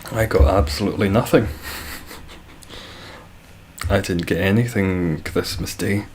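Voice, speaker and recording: A man's voice: deep voice, slow, a little mellow, slight background noise. A Scottish man chatting casually with viewers on a live stream, laid-back and swearing freely as he reads the chat. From Scotland.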